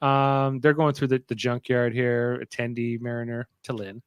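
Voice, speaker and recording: A man's voice: medium pitch, flat delivery, unhurried, smooth, dry recording. A man hosting a podcast, recapping a TV episode in casual chat, rambling with lots of fillers and restarts. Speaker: podcast host.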